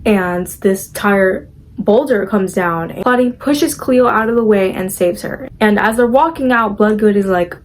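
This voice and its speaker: A young woman talks through a movie plot in a loose, chatty vlog voice. She fills her sentences with "like" and sprinkles in her opinions. Now and then she drops into quick impressions of the characters. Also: mid-range voice, slight background noise. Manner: chatty, full of "like" fillers, opinionated. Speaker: movie recap vlogger. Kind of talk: casual movie recap.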